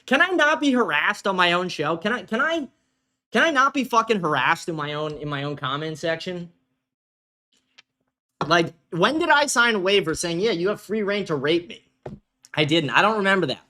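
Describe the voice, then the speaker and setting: A man's voice: on the high side, pushed and bright. A man hosting a livestream commentary show from a green-screen studio, ranting in a brash, profane way. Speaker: host.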